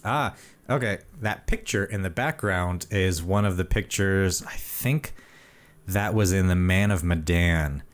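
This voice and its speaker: A man's voice: deep voice, unhurried. A man giving sardonic let's play commentary on a horror game. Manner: sardonic, animated. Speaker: gamer.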